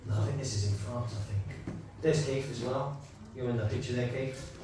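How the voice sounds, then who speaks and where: A man's voice: medium pitch, normal speed. A man hosting an event panel and talking through photos in a casual, meandering way, with frequent fillers. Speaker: host presenting photos. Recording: very echoey room, distant mic, background noise.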